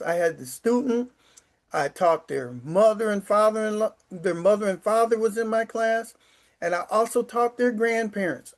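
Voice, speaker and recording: A man's voice: high voice, moderate pace. A man in his sixties, a retired sixth grade teacher, telling stories from home in a rambling, emotional way with stammers and restarts. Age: 60s. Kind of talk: casual storytelling to camera. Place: his apartment.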